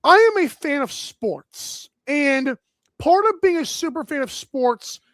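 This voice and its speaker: A man hosting a sports talk show, energetic and rambling with lots of filler words. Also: very high-pitched, slow pace, no echo.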